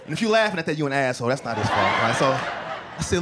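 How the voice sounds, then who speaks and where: A man doing a stand-up set on a club stage, telling stories with animated acted-out voices into a handheld mic. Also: medium pitch, very fast. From Chicago. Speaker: stand-up comedian. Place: comedy club stage before a live audience. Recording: live club recording with crowd and noise. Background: audience laughter.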